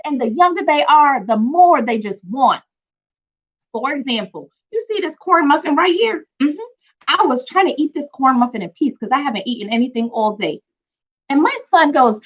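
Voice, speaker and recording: Forty-year-old woman, slightly high voice, confiding chatty host of a webcam live stream. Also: lively intonation, moderate pace, highs cut off. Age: 40s. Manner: chatty, confiding, greets viewers by name. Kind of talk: casual chat. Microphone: phone or webcam on a live stream.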